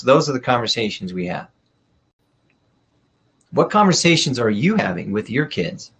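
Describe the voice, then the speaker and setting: A middle-aged man coaching an audience on leadership, speaking bluntly and directly. His voice has a husky edge and sits at an ordinary pitch for a man. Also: a bit bright. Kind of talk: workshop talk.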